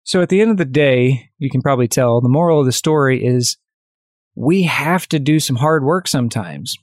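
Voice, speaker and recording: A man hosting his own coaching podcast, telling a story in a direct, energetic, conversational way. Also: mid-range voice, normal speed, dry recording, clean studio sound.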